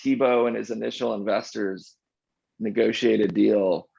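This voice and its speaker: A man as a podcast guest, telling an animated anecdote in casual conversation, often restarting his sentences. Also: on the low side, moderate pace, vocal fry, breathy edge, no echo. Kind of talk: casual interview storytelling. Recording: dull lo-fi dry sound.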